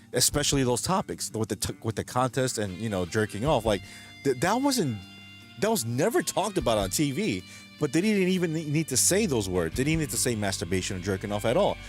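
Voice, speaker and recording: Male streamer, mid pitch, loose rambling chat with viewers, quick to laugh. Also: big pitch swings, soft background music. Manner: rambling, chuckles often, retells jokes. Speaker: live streamer reading chat. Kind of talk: casual late-night stream chat.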